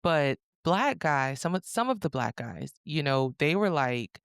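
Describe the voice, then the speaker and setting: A woman from Africa co-hosting a podcast, telling personal stories in a candid, animated way. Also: deep voice, normal speed, hardly any pauses, smooth, no echo, studio quality. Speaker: podcast co-host. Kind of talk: casual podcast chat.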